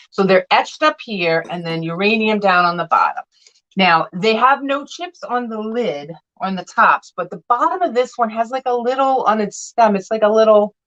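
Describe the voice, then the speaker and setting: A woman's voice: medium pitch, fairly bright tone, lo-fi sound. A woman selling vintage glass on a live sale, chatting and telling stories with playful voiced quotes.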